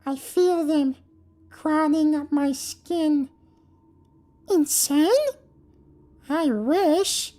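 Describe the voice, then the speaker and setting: A man putting on a squeaky little monster's falsetto to narrate a first-person horror story, slow and strained. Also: dark tone.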